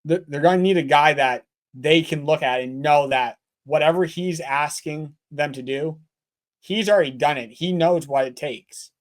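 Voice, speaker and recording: A man's voice: a little high, normal speed. A man co-hosting a sports podcast, earnestly driving home his points by repeating them. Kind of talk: casual sports talk.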